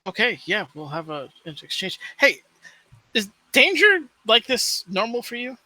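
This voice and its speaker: A man at a tabletop game, talking both as himself and as his character. His voice sits high and swings widely in pitch, with a bright, sharp edge. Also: big pitch swings, moderate pace, no echo. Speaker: player.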